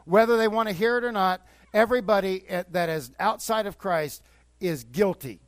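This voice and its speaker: Older male pastor, high-pitched, dry close recording; conversational sermon that builds to fervent exhortation. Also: moderate pace, no room sound. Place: church.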